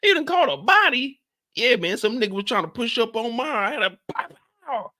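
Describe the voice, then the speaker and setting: Speaking briskly in a very high-pitched voice, a man runs a live reaction stream with casual chatter. He gets animated, says things over again, and performs quotes aloud.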